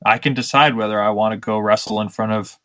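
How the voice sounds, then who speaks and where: A man's voice: fairly low pitch, steady tone, fast, a bit bright. Blunt, swearing male wrestler for a podcast; muffled, slightly dull audio. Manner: blunt, profane, ranting storyteller. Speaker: pro wrestler, podcast co-host. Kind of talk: casual podcast chat.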